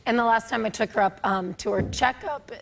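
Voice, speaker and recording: Hoarse woman guest, chatty. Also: fairly high pitch, a little fast, a little hiss or hum. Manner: chatty, uses "like" often. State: hoarse, lost her voice. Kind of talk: casual chat.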